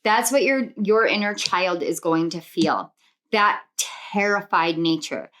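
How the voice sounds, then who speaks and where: A woman's voice: lowish voice, measured pace, a bit bright. A woman giving a spiritual pick-a-card tarot reading. She speaks earnestly and reassuringly, stacks affirmations in rhythmic lists and drifts into personal tangents. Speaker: tarot reader.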